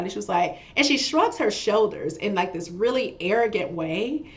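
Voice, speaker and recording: A woman's voice: medium pitch, lively intonation, measured pace, fairly bright tone. A woman speaking as a guest on a podcast, pouring out a heartfelt personal story. She laughs often between phrases and keeps restarting words as she reflects. Her talk is loose and conversational. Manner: frequent laughter while talking; repeats and restarts words, stumbling over phrases. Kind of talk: conversational interview.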